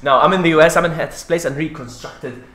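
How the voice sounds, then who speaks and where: A man's voice: on the high side, fast, a crowd in the background. A man from Malta hosting a live stream in casual chat, laughing often and rambling through his sentences. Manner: giggly, rambling, jokey. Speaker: streamer host. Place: home streaming setup, indoors. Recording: roomy room with music behind.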